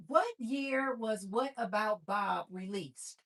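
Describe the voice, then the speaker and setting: A woman's voice: medium pitch, a little slow. A woman hosting a casual cooking livestream, telling stories animatedly and talking to viewers. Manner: animated storyteller, talks to viewers as "you guys". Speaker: livestream host.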